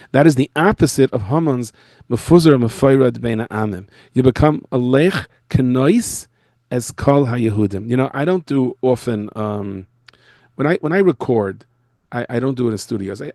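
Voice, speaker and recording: A rabbi tells stories in an animated lecture, speaking from his office in a school. His voice sits in a middle range with a gravelly edge, and the sound is close and dry. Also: medium pitch, no room sound. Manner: animated storyteller who acts out the people he quotes. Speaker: rabbi giving an annual lecture. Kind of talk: storytelling lecture.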